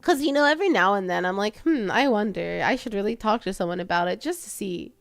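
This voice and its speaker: A woman's voice: mid-range voice, animated, quick pace, vocal fry, dry recording. A young woman streamer with a slight Texan twang, chatting casually with her viewers while she works, self-deprecating and laughing often.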